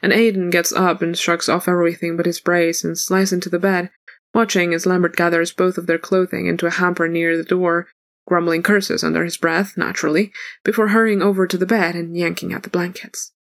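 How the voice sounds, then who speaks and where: A woman reading fan fiction aloud in an even, unhurried narrating voice. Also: on the low side, vocal fry. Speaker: audiobook reader.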